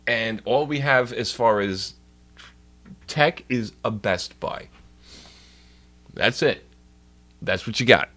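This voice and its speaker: A man's voice: mid-range voice, takes it slowly, long pauses, a bit bright, soft background music. A young man streaming casually, ranting in exasperated, profanity-heavy bursts. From New York. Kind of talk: casual livestream rant.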